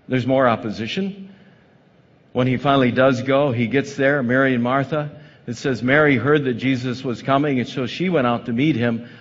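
A pastor preaching a sermon, dramatic and animated, acting out the voices of the people he describes. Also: mid-range voice. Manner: dramatic, acts out quoted voices with rising intensity. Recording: muffled sound with long hall reverb.

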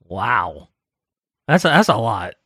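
A man co-hosting a podcast, chatting casually and playfully, quick to laugh along. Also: fairly low pitch, sing-song, pushed and bright, husky, no echo, studio quality. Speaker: podcast co-host. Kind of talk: casual chat.

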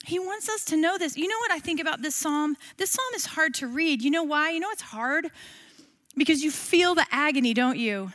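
A woman's voice: sits high, animated, moderate pace, a bit bright. A middle-aged woman teaching a Bible class in a casual, conversational way, often asking her listeners questions.

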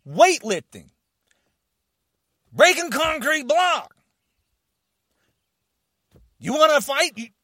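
High-pitched man shouting an angry rant. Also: vocal fry, no room sound, clean studio sound. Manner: shouting, confrontational, challenging listeners.

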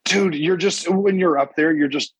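A man's voice: on the high side, slightly rough, no room sound, low-quality recording. A young man, a stand-up comedian telling stories in casual chat and acting out what people said. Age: young adult. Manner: animated, acts out quotes with quick bursts.

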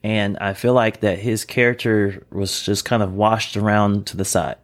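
A man's voice: on the low side, little pitch movement, normal speed. Opinionated man in casual podcast chat. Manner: opinionated, rambling, leads the conversation. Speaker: podcast co-host.

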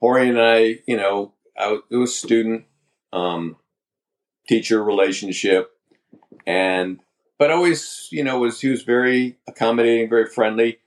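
An older man, a podcast guest, telling his story candidly in a halting, talkative way. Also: medium pitch. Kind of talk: storytelling interview.

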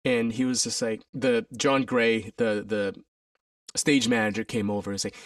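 A man's voice: moderate pace, dry recording, clean studio sound, far from the mic. A man, an alumnus and stage performer, telling a story from his career in a conversational interview, animatedly acting out the voices of others. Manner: animated, acts out quoted voices with pitch jumps.

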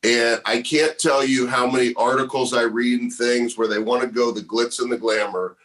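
Guy hosting a podcast, sincere, thanking his guest, average pitch. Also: fairly even intonation, moderate pace, fairly bright tone, rough recording. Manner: sincere, grateful. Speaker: podcast host. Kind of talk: interview wrap-up.

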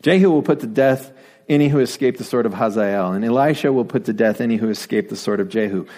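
A male pastor preaching a sermon in a playful, animated way, dropping to whispered asides as he acts out the story. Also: mid-range voice, fast.

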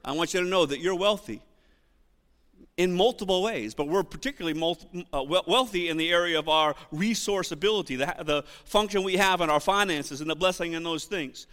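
High, bright-voiced preaching man. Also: fairly quick. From United States. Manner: animated preaching, rising loud on scripture readings, asks the congregation questions. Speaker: pastor. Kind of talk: sermon. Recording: long reverb of a church hall.

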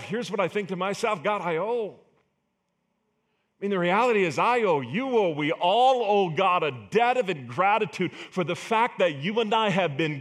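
High-voiced preaching pastor. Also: male voice, a bit bright. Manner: earnest, emphatic preaching with rhetorical questions. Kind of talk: sermon.

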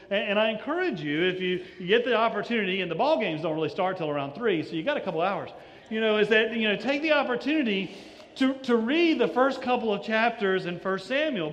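A man's voice: sits high, a bit bright, in a large hall, muffled recording. A man preaching a sermon as pastor in a church sanctuary, conversational and often stumbling over repeated words.

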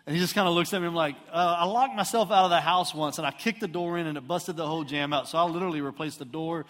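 A man's voice: fairly high pitch, fast talker. Man from Houston preaching in a reverberant hall. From Houston, Texas. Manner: animated, self-mocking storyteller who acts out voices. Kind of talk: storytelling sermon.

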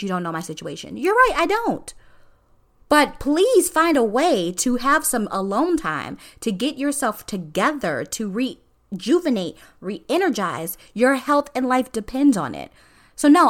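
A woman's voice: fairly high pitch, a bit bright. Earnest woman podcaster, encouraging tone. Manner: earnest and encouraging, speaks straight to listeners. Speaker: podcast host. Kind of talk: casual motivational monologue.

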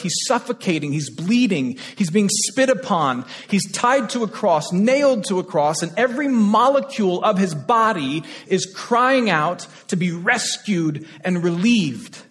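A man preaching a sermon in a church, his voice pitched high for a man and sweeping widely up and down. He repeats phrases with urgency and then drops to near-whispers. A long reverb from the sanctuary trails after each line. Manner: impassioned, repeats phrases, swings between loud and hushed. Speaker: pastor.

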